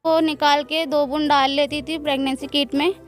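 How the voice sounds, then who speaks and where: A woman in a viral clip telling a personal story in a rapid, confessional way. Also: sits high, level tone. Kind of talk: personal anecdote.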